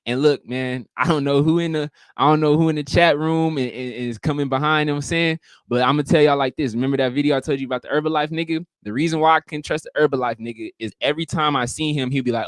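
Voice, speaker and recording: A man's voice: on the high side, steady tone, fast talker, hardly any pauses, smooth, no echo. A man hosting a casual livestream, talking in a profane, emphatic way and acting out greetings. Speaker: livestream host.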